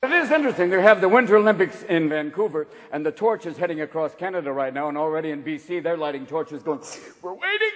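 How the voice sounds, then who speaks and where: A male stand-up comedian performing a crude, animated set and acting out characters, heard through a live club recording. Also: a little high, fast talker, hardly any pauses. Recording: live club audio with crowd and reverb. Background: audience laughter and chatter.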